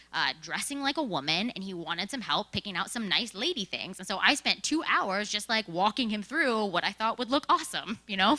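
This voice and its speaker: A young woman giving a casual, animated talk about her work, telling stories and often checking in with "right?" and "like". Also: a little high. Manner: animated storytelling with frequent "right?" and "like". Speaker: presenter sharing work experience. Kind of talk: conversational presentation.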